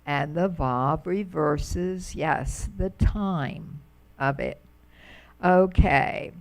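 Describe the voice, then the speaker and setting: Slow, gravelly-voiced woman teaching Hebrew. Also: low-pitched. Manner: patient, drawn-out pronunciation of words. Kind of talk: slow, careful classroom explanation.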